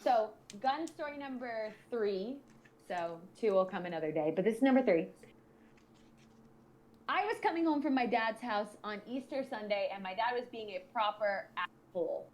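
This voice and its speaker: A young woman with a fairly high voice tells a story on a casual podcast, swearing freely and slipping into the voices of the people involved. She talks in an animated, conversational way, as if chatting with a friend. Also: normal speed. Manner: animated, profane, acts out quoted voices. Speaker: podcast co-host.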